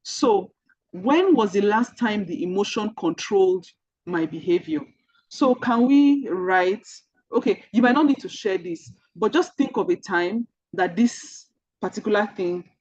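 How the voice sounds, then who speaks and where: A woman with a Nigerian accent mentors an online group, earnestly telling personal stories and repeating key points to drive them home as she speaks directly to listeners. Her mid-range voice is expressive and darkish, at a measured pace, on lo-fi audio without echo.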